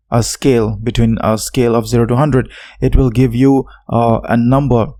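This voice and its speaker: Male tech tutor, mid-pitched, loose explainer delivery with lots of "uh"s, dry close mic. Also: darkish tone, no room sound. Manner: unscripted, many fillers and self-corrections.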